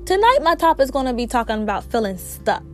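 A woman's voice: sits high, big pitch swings, fast, soft background music. A woman hosting a faith talk show, sounding a little sick and speaking earnestly and conversationally. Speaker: podcast host.

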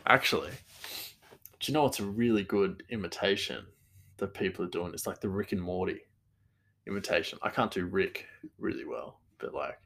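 A man's voice: sits low, moderate pace, vocal fry, fairly bright tone. A man hosting a casual solo talk, rambling with lots of fillers and chuckling asides. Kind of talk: casual monologue.

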